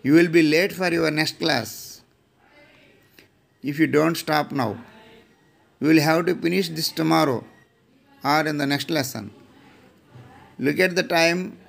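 A middle-aged man with an Indian English accent, reading out classroom phrases one by one, slowly and deliberately, often repeating them. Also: fairly high pitch, gravelly, a bit bright. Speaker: English teacher.

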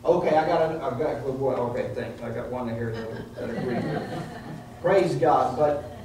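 A man's voice: medium pitch, unhurried. A male pastor preaching an earnest, emotional sermon full of repeated phrases. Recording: echoey room heard from a distance with faint noise.

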